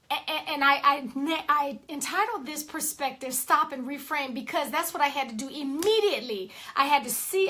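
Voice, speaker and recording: High, bright-voiced woman coach. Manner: lively and emphatic, greets viewers. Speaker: motivational speaker and coach. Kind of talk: live-streamed motivational talk.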